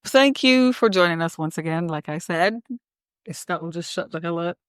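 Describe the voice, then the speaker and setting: A woman's voice: lowish voice, animated, normal speed, clean tone, dry recording, clean studio sound. A young woman hosting a casual podcast, chatty and teasing, bossing her co-host around between fillers.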